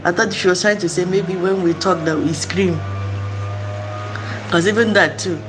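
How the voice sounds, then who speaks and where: A woman's voice: fairly low pitch, moderate pace, over music. A woman from Africa, a mother, telling stories casually and acting out voices with frequent laughter. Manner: animated, acts out voices, laughs often. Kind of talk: casual storytelling vlog.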